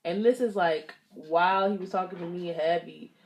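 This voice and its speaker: A woman's voice: lowish voice, moderate pace. Chatty young woman telling a story. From Los Angeles area. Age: young adult. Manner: chatty, animated storytelling with quoted voices. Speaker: beauty vlogger. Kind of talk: casual storytime while doing makeup.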